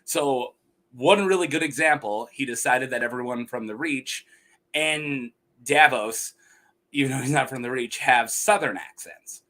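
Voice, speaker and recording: Young man, podcast host, laughing, rambling, forceful bright tone. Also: medium pitch, a little slow. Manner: laughs often, rambling, mimics voices. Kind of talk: casual chat.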